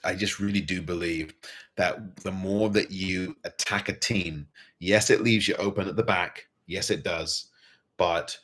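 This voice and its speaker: A man's voice: low-pitched, bright, forceful tone. A man hosting a fan show, giving earnest post-match commentary and repeating points for emphasis. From England.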